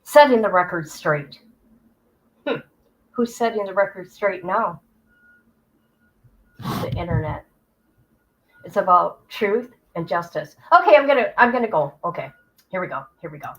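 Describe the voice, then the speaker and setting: A woman's voice: fairly low pitch, big pitch swings, normal speed, pauses often, a bit bright, poor audio. A woman hosting a casual commentary stream, giggly and rambling as she chats with her viewers. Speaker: commentary channel host. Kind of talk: casual livestream chat.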